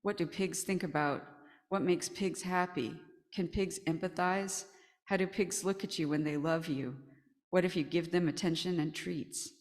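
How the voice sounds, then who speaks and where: A woman at a live reading, reciting a long list of questions in a flat, measured, deadpan way. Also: fairly low pitch. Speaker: performer at a reading. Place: gallery reading event. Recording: long hall reverb.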